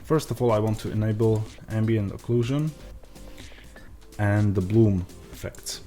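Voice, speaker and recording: A man's voice: on the low side, measured pace, mellow, soft background music. Eastern European man, hesitant tutorial voice. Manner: hesitant, frequent uh and um fillers. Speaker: software tutorial creator. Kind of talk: screen-recorded tutorial commentary.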